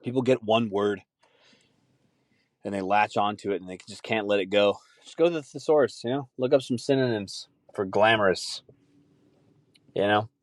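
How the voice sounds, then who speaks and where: Profane, ranting man, low voice. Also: moderate pace, pauses often, no echo, studio quality. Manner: profane, ranting, laughs easily. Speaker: podcast host. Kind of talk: casual chat.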